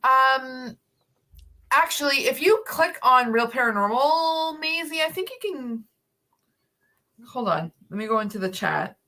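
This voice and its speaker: A woman hosts a casual livestream, talking loosely and laughing often between her words. Her voice sits a little high and comes across bright and clear. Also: lively intonation, unhurried. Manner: chatty, laughs often, many fillers. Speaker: paranormal channel host.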